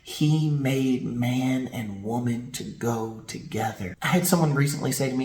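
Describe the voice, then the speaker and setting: A male pastor preaches a sermon in a mid-range voice, unhurried and with few pauses. He tells stories vividly and poses rhetorical questions in an animated way. The room gives the recording a roomy echo.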